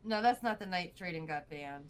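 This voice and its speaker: A woman's voice: on the low side, animated, moderate pace, clean tone. Chatty woman chiming into stories. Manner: chatty, adds details to stories. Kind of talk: casual chat.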